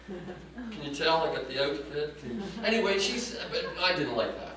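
Deadpan man doing stand-up. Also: a little high, moderate pace, recorded from a distance, a crowd in the background. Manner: deadpan, prim, self-mocking delivery. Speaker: stand-up comedian. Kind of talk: stand-up comedy set. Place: room with a live audience. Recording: echoey room recorded from afar with audience noise. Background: audience laughter.

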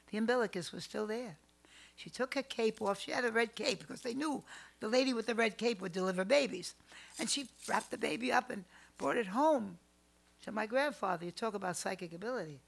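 An older woman telling family stories as a podcast guest, animated, swinging between loud outbursts and hushed asides. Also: mid-range voice, gravelly. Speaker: psychic guest. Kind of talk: storytelling in a podcast interview.

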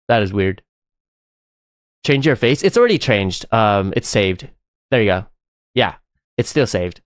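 A man giving excitable, chatty live commentary while playing a game, often breaking into laughter. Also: on the low side, a little slow, pauses often, dry recording, studio quality. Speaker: live streamer.

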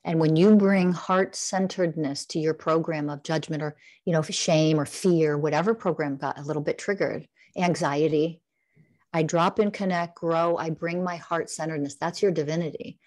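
Low-voiced woman guiding a meditation. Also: fairly even intonation, a little mellow. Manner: slow, soothing guiding cadence with repeated affirmations. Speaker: guest, spiritual teacher. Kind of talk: guided heart-centered meditation coaching.

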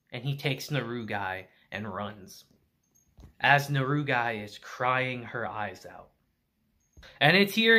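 A man recapping an anime episode in casual review style, animated and emphatic, swearing freely. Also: mid-range voice.

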